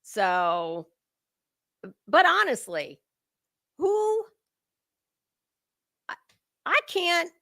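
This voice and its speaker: A woman's voice: extremely high pitch, wildly swooping pitch, extremely slow, vocal fry, pauses often, bright, forceful tone, no echo, studio quality. A woman hosting a casual livestream commentary, chatty and swearing freely as she greets her chat viewers by name.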